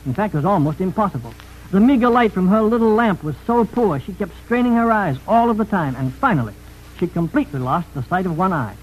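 A man's voice: sits high, a little hiss or hum, poor audio. A man telling a story in a folksy radio style, chatty asides to the listener.

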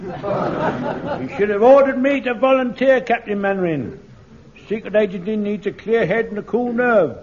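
An actor playing an excitable, rambling elderly corporal in a radio comedy. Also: male voice, high-pitched, a little slow, a crowd in the background, noisy background. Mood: eager. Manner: rambling, excitable, shouts in panic. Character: flustered elderly male corporal, eager and fussy. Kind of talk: radio sitcom acting. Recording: dull old radio broadcast recording.

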